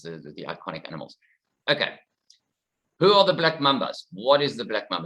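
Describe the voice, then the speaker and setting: A man from South Africa giving a fast, informal conference presentation from a research facility. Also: on the low side, bright, forceful tone, low-quality recording. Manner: quick, informal, slightly rushed. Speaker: conservationist presenter.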